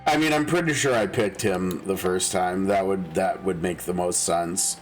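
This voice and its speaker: A man's voice: sits low, normal speed, soft background music, low-quality recording. A man casually commenting during a live game stream, thinking aloud, often chuckling and restarting his sentences.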